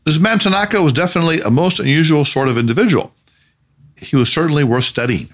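A man narrating a story in a measured, expressive way. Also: fairly high pitch.

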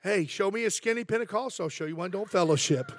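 A man preaching a sermon as pastor, telling stories with frequent amens and praise interjections, and climbing to shouts at the high points. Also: quick pace. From Southern California. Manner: storytelling preacher, rising to shouts.

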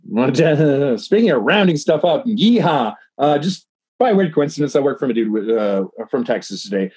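A tipsy man co-hosting a casual podcast, reading news articles aloud in a slightly husky voice. He rambles, swears freely and keeps restarting his sentences. The sound is dry and close. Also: mid-range voice, sing-song, moderate pace, a little mellow, no room sound. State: tipsy from drinking.

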